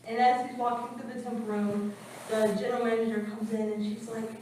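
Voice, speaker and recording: A woman's voice: fairly high pitch, level tone, fairly quick, a little mellow, slight background noise. Woman speaking in an echoey hall. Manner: storytelling with acted quotes. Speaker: class speaker. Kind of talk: scripture class talk. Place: temple room. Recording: echoey room from far off.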